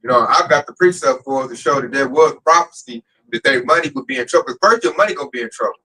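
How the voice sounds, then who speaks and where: A man leading a teaching in casual street talk, animated and building to a near shout. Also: medium pitch, fast, recorded from a distance, rough recording. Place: outdoor camp gathering.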